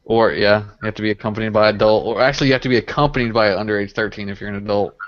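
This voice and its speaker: Fast-talking low-voiced man. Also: fairly even intonation. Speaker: fishing channel host. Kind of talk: casual live stream chat. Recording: muffled stream audio.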